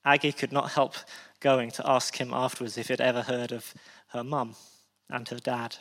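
A man's voice: medium pitch, level tone, moderate pace, fairly bright tone, long reverb tail. Male preacher, sermon storytelling, restarts, heartfelt asides. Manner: frequent restarts, emotional asides.

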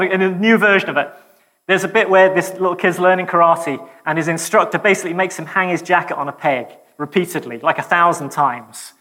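A man preaching a sermon in a lively, conversational way, with joking asides to the congregation. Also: on the high side, in a large hall.

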